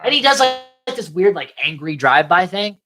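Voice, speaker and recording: Animated woman recapping a movie. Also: normal speed. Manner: animated, laughing, mimics characters in high voices. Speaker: podcast co-host. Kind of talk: casual movie-recap chat.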